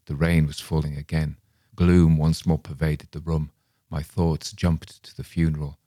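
Deep mellow guy reading a horror tale, slow and dramatic, dry close sound. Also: flat delivery, no echo. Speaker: host and reader.

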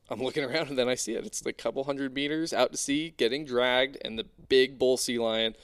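A young man casually telling an animated, excitable diving story, full of fillers. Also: mid-range voice, smooth. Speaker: spearfishing diver guest.

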